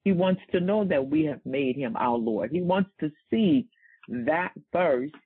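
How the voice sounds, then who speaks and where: A man's voice: on the high side, lively intonation, unhurried, husky. A man preaching a sermon in a call-and-response style. He repeats phrases and asks the congregation to fill in words. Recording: tinny, phone-like sound.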